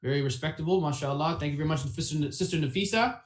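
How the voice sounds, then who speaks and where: A man's voice: a little high, fast talker. Playful man hosting over video call. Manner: joking, playful, sprinkles Arabic phrases. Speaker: host. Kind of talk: casual online event hosting.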